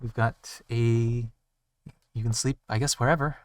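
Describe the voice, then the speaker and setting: A man narrating a tabletop role-playing game as game master, pausing often with ums and uhs. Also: mid-range voice, steady tone, no room sound, recorded from a distance. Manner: halting, many ums and uhs.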